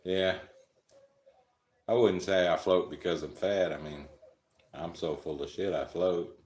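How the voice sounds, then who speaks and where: A man's voice: deep voice, fairly even intonation, unhurried, darkish tone, reverberant. A man hosting a live stream, telling rambling, crude, joking stories and chuckling often. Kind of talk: casual storytelling chat.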